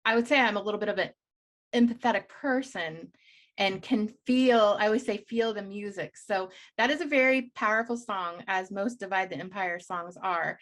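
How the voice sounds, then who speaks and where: A woman's voice: medium pitch, moderate pace, fairly bright tone. A woman hosting a casual radio interview, gushing and enthusiastic, often restarting her sentences. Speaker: radio show host.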